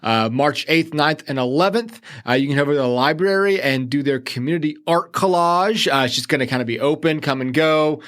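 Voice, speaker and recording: A man speaking as an enthusiastic podcast guest, rambling through event listings with plenty of fillers. His voice sits a bit higher than most men's. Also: a little fast, hardly any pauses, a bit bright. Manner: enthusiastic, rambling, laughs easily, many "uh" fillers. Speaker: guest, tourism manager. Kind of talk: casual interview.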